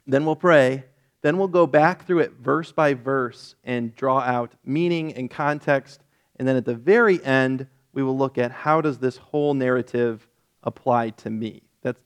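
A male pastor giving a casual Bible-teaching sermon in a relaxed, self-correcting way with light jokes, and reading scripture aloud with rising emphasis. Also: mid-range voice, measured pace.

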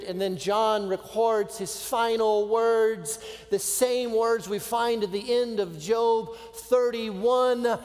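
A man preaching a sermon, with dramatic pauses and drops to a hushed voice. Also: high voice, steady tone, big-room sound. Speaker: pastor.

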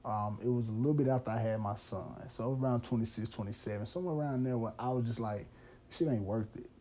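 A man's voice: medium pitch, fast talker, mellow. A man in his thirties hosting a podcast, telling a story in a loose, candid way with lots of "man" and easy laughter. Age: 30s. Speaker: podcast host. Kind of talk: casual storytelling monologue.

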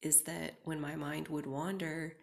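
A young woman hosting a reflective solo podcast, talking casually with many "like"s and often dropping into a soft whisper. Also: low-pitched, little pitch movement, measured pace, creaky. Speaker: podcast host.

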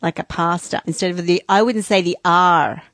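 A woman's voice: lowish voice, steady tone, normal speed, fairly bright tone, no echo, clean studio sound. A woman co-hosting a casual comedic podcast, teasing her partner playfully and laughing easily. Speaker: podcast co-host.

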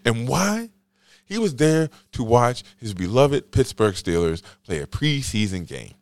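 A man's voice: medium pitch, huge pitch swings, slow, long pauses, no room sound. A man hosting a solo podcast, telling a story in a rambling, slangy, joking way. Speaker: podcast host.

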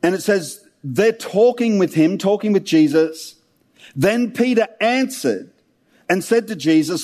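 Male preacher, high voice, chatty, humorous sermon. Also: expressive, measured pace, darkish tone. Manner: conversational, humorous storytelling of scripture.

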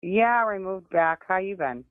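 A woman's voice: medium pitch, animated, a little slow, no echo. A woman making a prank phone call who answers evasively and fires back curt questions. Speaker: prank caller. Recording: tinny phone line.

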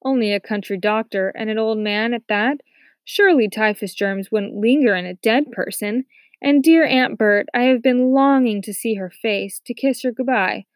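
A woman voicing a calm, quick-witted mother shielding her family, in a dry recording. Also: a little high, no room sound, lightly acted. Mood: falsely eager. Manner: calm, then falsely eager. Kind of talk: audiobook character reading.

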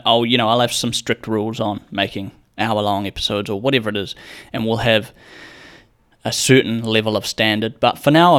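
This young man's voice is on the low side with a fairly bright tone as he hosts his casual solo podcast. Expect rambling, profane humor and quotes acted out.

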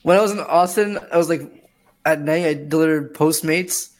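A man's voice: fairly high pitch, normal speed. A young man, a streamer, telling a chatty story in casual talk and laughing as he goes. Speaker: streamer guest.

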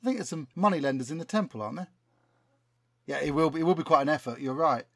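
A man's voice: fairly high pitch, quick pace, no echo, studio quality. A man doing a chirpy young Jesus. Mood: breezy. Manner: chatty, breezy, upbeat. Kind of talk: improvised sketch.

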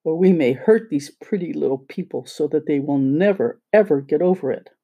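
A reader voicing a kind-hearted tin woodman who speaks gently and carefully. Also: medium pitch, lively intonation, moderate pace, breathy edge. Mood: cautious.

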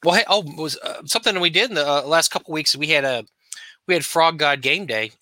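A man co-hosting a podcast, talking in quick, excitable casual chat and often cutting in. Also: fairly high pitch, no echo. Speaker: podcast co-host.

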